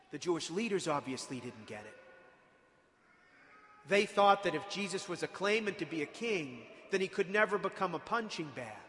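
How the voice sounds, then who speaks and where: A man's voice: high-pitched, lively intonation, unhurried, pushed and bright, in a large hall. A man preaching a sermon, retelling scripture with dramatic emphasis and sudden rises in force.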